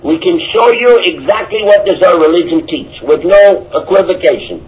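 Emphatic high-voiced preacher, lo-fi. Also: male voice, moderate pace. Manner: emphatic, repetitive, animated. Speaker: Islamic preacher. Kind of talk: religious talk answering questions. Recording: dull lo-fi audio.

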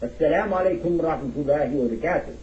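A man's voice: on the high side, rapid-fire, a little mellow, slight background noise. A man from Texas with a Texan accent, giving a playful, humorous keynote speech to a large audience in a hall. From Texas, USA. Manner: jokey, playful, teasing the audience. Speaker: keynote speaker, chaplain. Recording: echoey hall, dull sound.

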